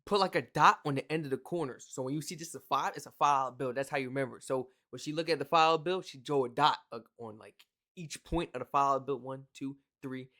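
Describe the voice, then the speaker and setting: An American reaction video host giving casual commentary, animated and exclaiming, with slangy asides. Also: medium pitch, quick pace. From United States.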